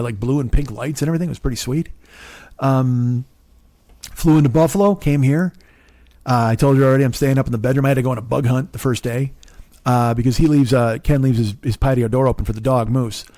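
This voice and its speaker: With a mid-range voice and no room sound, this man in his forties, a comedian who hosts a podcast, tells a profane story. His monologue is exasperated and breaks out into loud rants.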